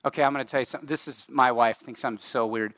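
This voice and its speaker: A middle-aged male pastor preaching a sermon in a conversational, animated way, speeding up and slowing down for emphasis. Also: mid-range voice, dry recording, clean studio sound. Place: church sanctuary.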